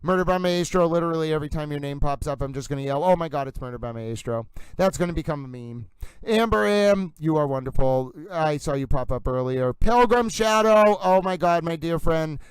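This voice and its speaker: A man's voice: on the high side, brisk, smooth, no room sound, poor audio. A man hosting a live stream, greeting viewers in the chat by name in a playful, theatrical way. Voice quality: playful, theatrical, calls himself towel. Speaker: livestream host.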